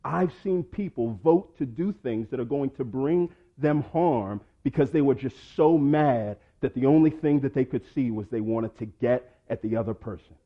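A pastor preaching a sermon, swinging between loud urging and low quiet asides. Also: male voice, moderate pace, hardly any pauses, phone-quality sound.

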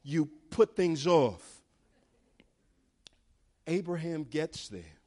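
A man's voice: fairly high pitch, animated, drawn-out words, a little mellow. A male pastor preaching a sermon in an emphatic way, building in intensity.

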